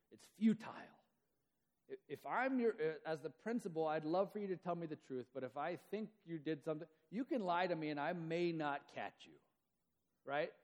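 A man preaching a sermon in a conversational way, acting out the quoted voices as he goes. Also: a little high. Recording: long hall reverb.

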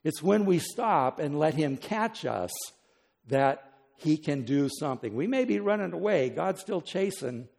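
Male pastor, fairly high voice, dramatic sermon delivery, echoing church hall. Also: animated, measured pace, creaky, a little mellow. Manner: dramatic preaching, acting out pleas to God with rising voice.

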